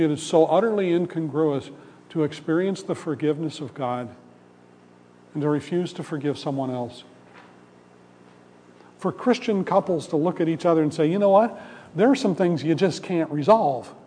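Male preacher, storytelling sermon, warm mellow tone, echoing hall. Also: a little high, lively intonation, a little slow, long pauses, slightly rough. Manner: conversational storytelling, acts out voices in the parable. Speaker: pastor. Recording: long hall reverb.

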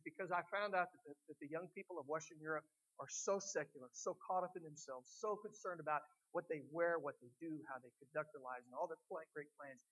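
A middle-aged man preaching a sermon as pastor, swinging between loud emphatic lines and quiet reflective ones. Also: on the high side, lo-fi sound.

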